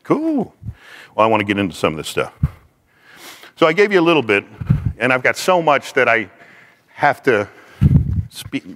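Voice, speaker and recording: A man giving a faith-based teaching talk in a lively, conversational way, acting out quoted speech. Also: mid-range voice, normal speed, pauses often, long reverb tail.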